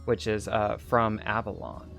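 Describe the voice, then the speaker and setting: A man narrating as game master, halting with many fillers. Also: on the low side, little pitch movement, vocal fry, a bit bright, soft background music.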